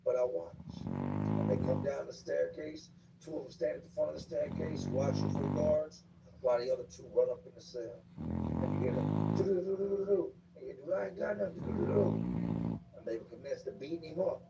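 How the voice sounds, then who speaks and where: Gravelly man telling prison stories. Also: fairly low pitch, huge pitch swings, moderate pace. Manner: street slang, acts out voices of other inmates. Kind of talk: casual storytelling. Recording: distant mic with clear background noise.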